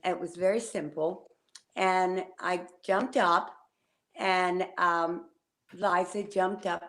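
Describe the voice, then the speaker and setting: An older woman, a guest on a video call, telling a personal memory in a halting, pausing way. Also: on the low side, fairly even intonation. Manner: warm, halting storytelling with pauses.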